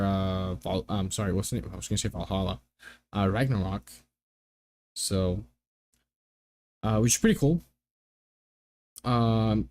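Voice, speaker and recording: A man's voice: medium pitch, darkish tone. A young man in casual chat as a gaming streamer, rambling through exasperated rants full of filler words.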